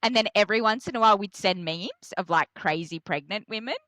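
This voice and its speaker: Animated young Australian woman telling stories. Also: fairly quick, no room sound. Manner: animated storyteller, acts out her own quotes in a high voice. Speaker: interview guest. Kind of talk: candid casual chat.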